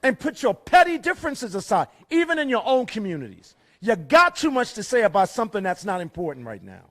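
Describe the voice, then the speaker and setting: A middle-aged man giving an impassioned rally speech at a fairgrounds event. He hammers home rhetorical questions and swings between loud and hushed. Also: high voice, huge pitch swings, fairly quick. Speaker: rally speaker.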